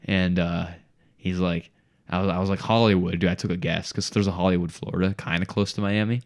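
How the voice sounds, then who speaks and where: A man's voice: low voice, fairly quick. A young man casually telling a story on a podcast, acting out what people said and calling his listener "dude" and "bro". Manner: animated storyteller, acts out quotes, says "dude" and "bro" a lot. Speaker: podcast co-host.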